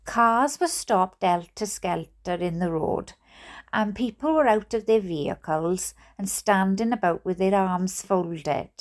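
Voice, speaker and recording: A Welsh woman reading a book aloud in an expressive, playful way. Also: mid-range voice, unhurried. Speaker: storyteller.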